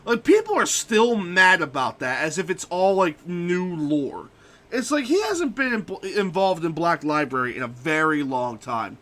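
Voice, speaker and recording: A young male streamer rants profanely in casual chat. His voice sits high and bright, and its pitch swings all over as he vents his opinions. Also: very animated, unhurried. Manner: profane, ranting.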